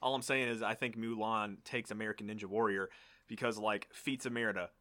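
Young male host, mid pitch, bright forceful tone, playful banter. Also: steady tone, fairly quick. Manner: earnest, playful, self-mocking. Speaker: podcast host. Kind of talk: casual banter.

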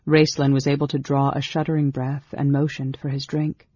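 An audiobook narrator reading a fantasy story in a steady, measured way. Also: medium pitch, breathy edge, dry recording, muffled recording. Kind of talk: scripted narration.

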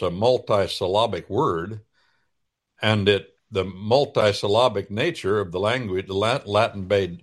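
A man hosting a radio talk show, explaining in a folksy, preacherly way with drawn-out pauses. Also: on the low side. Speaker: radio host.

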